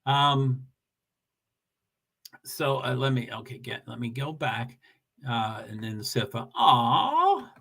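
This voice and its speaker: A man's voice: mid-range voice, very animated, slow pace, creaky, pauses often, a bit bright, breathy edge. A man hosting a casual livestream, greeting viewers and reading their comments, talking in a rambling, self-deprecating way with many restarts.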